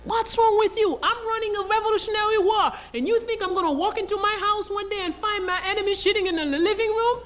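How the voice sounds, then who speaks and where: A woman voicing a furious, commanding male revolutionary leader who shouts indignantly. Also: high voice, very animated, moderate pace, pitched above the performer's own voice.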